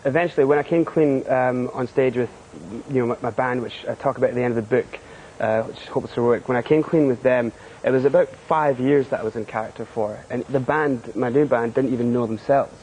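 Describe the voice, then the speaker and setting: A man's voice: mid-range voice, steady tone, brisk, hardly any pauses, a little mellow, slight background noise, rough recording. A young man from Scotland with a Scottish accent, a guest on a TV studio interview, candid and filler-heavy, laughing often.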